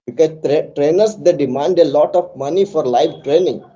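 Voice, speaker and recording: A man's voice: on the high side, normal speed, dark tone, highs cut off. A man with an Indian English accent, coaching a student in a live online English lesson, earnest and repetitive in his phrasing. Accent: Indian English, put on as South Indian. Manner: earnest, coaching, repeats "just I" and "I tell you". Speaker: spoken English trainer.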